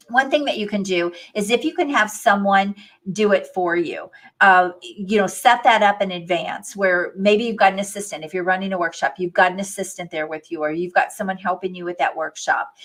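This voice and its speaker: A woman's voice: mid-range voice, a bit bright. Encouraging woman business coach. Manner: enthusiastic, encouraging, gives advice. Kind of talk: casual interview chat.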